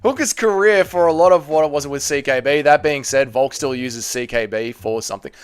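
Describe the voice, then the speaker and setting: A man's voice: mid-range voice, fairly even intonation, a little fast, clear, resonant tone. A young man hosting a live stream watch party, ranting heatedly and swearing while reading and answering chat. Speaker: streamer host.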